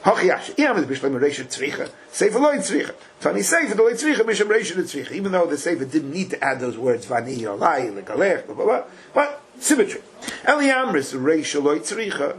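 A man's voice: on the high side, big pitch swings, fairly quick. A man teaching a Talmud class. He reads the text in a chant, explains it in casual English and drives points home with rhetorical questions.

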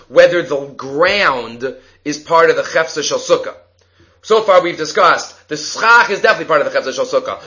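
A man's voice: on the high side, a bit bright. A man giving a Talmud study lecture, reading Aramaic text and explaining it step by step with rhetorical questions. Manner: asks rhetorical questions, occasional coughs. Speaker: Talmud teacher. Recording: dull lo-fi recording.

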